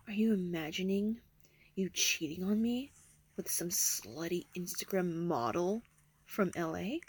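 A young woman in a whispered role-play, teasing and intimate. Her airy, hushed voice unhurriedly draws out each phrase. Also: on the low side, animated, a little slow, slightly rough.

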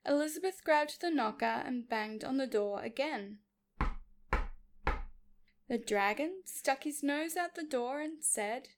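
A woman reading a children's story aloud, narrating calmly and clearly. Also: high-pitched, takes it slowly, long pauses.

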